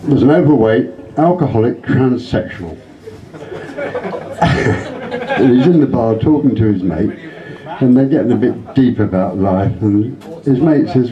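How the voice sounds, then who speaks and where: A man telling earthy jokes at a pub talent night, lively and animated, in a dull lo-fi recording. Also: mid-range voice, a little slow. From England.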